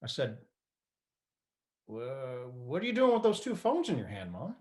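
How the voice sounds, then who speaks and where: A man's voice: medium pitch, huge pitch swings, measured pace, a little mellow. A wry, patient divorced son in his middle years, played by a man in a stage monologue. His voice sits in an ordinary middle range. He tells the story with dry humor. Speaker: stage actor.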